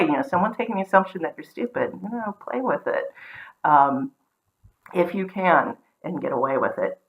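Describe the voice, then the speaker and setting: Low-voiced Southern woman rambling casually. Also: highs cut off. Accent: North Carolina Southern. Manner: rambling, frequent ums and restarts. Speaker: vlogger. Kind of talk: casual explanatory talk.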